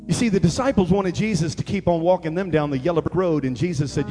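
A man preaching a comic sermon, telling stories in a chatty way that builds to shouting. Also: sits high, lively intonation, fast talker, few pauses, long reverb tail, faint music behind.

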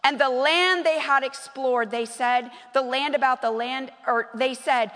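A woman pastor preaches in a lively, conversational way and punches key lines. Her voice sits high. A long reverb trails behind her in the large sanctuary. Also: a little slow, hardly any pauses. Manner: animated, conversational preaching with bursts of emphasis. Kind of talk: sermon. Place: church sanctuary.

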